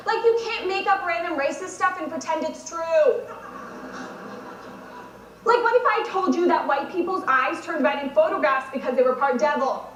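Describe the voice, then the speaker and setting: A woman's voice: very high voice, expressive, moderate pace, slight background noise. A teenage girl performing a competitive dramatic monologue in a wry, sardonic storytelling manner. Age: teens. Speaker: speech competitor. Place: competition stage in a large hall. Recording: echoey hall from far off.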